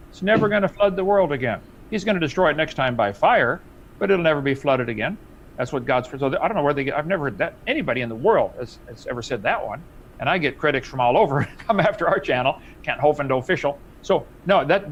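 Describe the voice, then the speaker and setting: Emphatic insistent man, higher-pitched. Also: lo-fi sound, slight background noise. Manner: emphatic, insistent, pitch jumps up when pressing a point; chuckling, relishes mockery. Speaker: debate guest. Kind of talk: heated live-stream debate.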